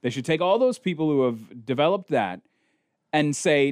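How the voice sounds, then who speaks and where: A man co-hosting a podcast, ranting in animated casual chat. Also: fairly high pitch, normal speed, clean tone, no echo, studio quality. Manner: animated, ranting, mocks others in quoted voices. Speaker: podcast co-host.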